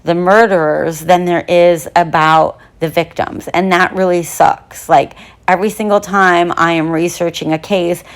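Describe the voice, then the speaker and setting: A young woman hosting a true crime podcast who talks in a chatty, bubbly way with lots of fillers. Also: fairly low pitch. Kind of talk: casual podcast monologue.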